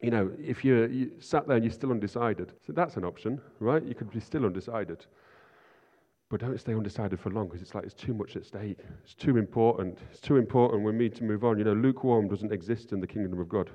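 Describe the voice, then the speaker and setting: A man with a fairly low, mellow voice speaks fairly quickly as he gives a casual sermon in a church hall. He keeps things chatty and pokes fun at himself, frequently tossing in "right?", captured in lo-fi audio with plenty of hall reverb.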